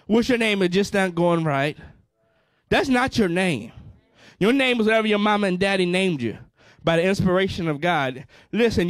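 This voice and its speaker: A man preaches with a high, fervent voice, repeating phrases and calling out for the congregation to answer him. His Black colors every line. The sound is dry and close, with little room around it. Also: no room sound. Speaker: pastor. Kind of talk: sermon.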